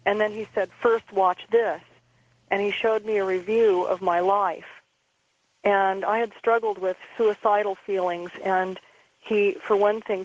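A woman speaks calmly as an interview guest, halting and repeating her words. Her delivery stays even and flat, with little rise and fall. The sound is muffled, like a phone line. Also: mid-range voice. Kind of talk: recounting a personal experience.

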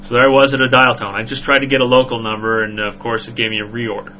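A man hosting a podcast, telling a story in a rambling, animated way with frequent "right?" asides. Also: mid-range voice, quick pace. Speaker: podcast host. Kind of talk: casual storytelling chat. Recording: dull lo-fi recording with faint hum.

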